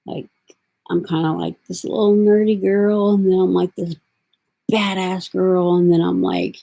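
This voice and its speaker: A woman's voice: fairly low pitch, flat delivery, a little slow, vocal fry, dark tone, rough recording. A middle-aged woman talking to her camera in a rambling, casual way, drifting from thought to thought with lots of fillers. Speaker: vlogger. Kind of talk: casual vlog talk.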